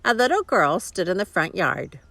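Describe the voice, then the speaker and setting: A woman reading a children's story aloud, expressive, with chuckling asides to her listeners. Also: fairly low pitch, normal speed, no echo. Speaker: storybook reader.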